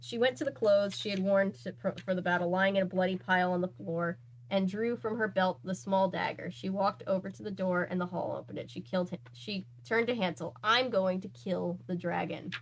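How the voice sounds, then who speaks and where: A woman's voice: mid-range voice, steady tone, brisk, a little hiss or hum, low-quality recording. A woman, host of her channel, reading a book aloud in an earnest way, sometimes stopping to react.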